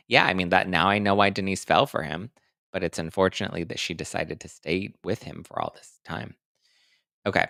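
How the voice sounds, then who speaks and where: A man hosts a gossip show in a loose, chatty way, reading viewer comments and throwing in sassy, mock-outraged asides. His voice sits a little low but sounds bright and forceful, with a smooth, crisp clarity. The sound is dry and close, with no room echo. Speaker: host of a celebrity gossip show.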